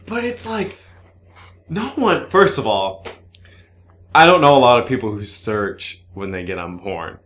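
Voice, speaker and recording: A man's voice: medium pitch, expressive, unhurried, long pauses, fairly bright tone. A man in casual, crude banter, blunt and profane, laughing a lot.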